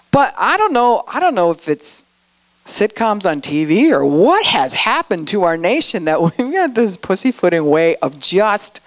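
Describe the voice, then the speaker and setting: A middle-aged woman giving a conversational sermon, telling stories and acting out quoted lines. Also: fairly high pitch. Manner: storytelling, acts out quotes with animated voices. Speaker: speaker at a church outreach.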